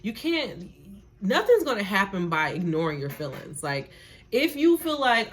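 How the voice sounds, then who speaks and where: A woman's voice: mid-range voice, sing-song, normal speed. Emphatic woman doing a tarot reading. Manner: emphatic and repetitive, swearing freely; earnest, preacher-like encouragement. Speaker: tarot reader. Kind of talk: casual spiritual tarot reading.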